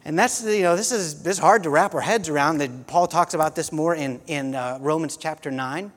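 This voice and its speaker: A man's voice: a little high, a little fast. A man preaching a sermon as a pastor, conversational, often restarting phrases and saying "you know.". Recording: long hall reverb.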